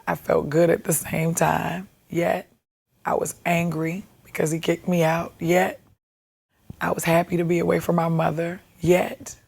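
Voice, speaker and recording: A woman candidly recounting her own life in a documentary, halting and reflective, with music behind her. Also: on the low side, creaky, darkish tone, breathy edge. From Baltimore, USA. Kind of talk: personal documentary testimony. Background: background music.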